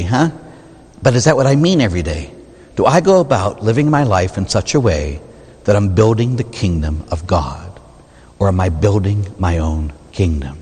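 A man's voice: lowish voice, breathy edge. A man, a Catholic priest, preaching a sermon in a church in a conversational way, full of rhetorical questions. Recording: long reverb of a church hall.

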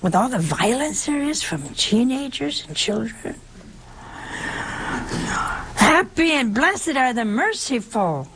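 A woman's voice: sits high, sing-song, slow pace, long pauses, fairly bright tone, a little hiss or hum. A woman preaching a conversational sermon, full of emphatic rhetorical questions.

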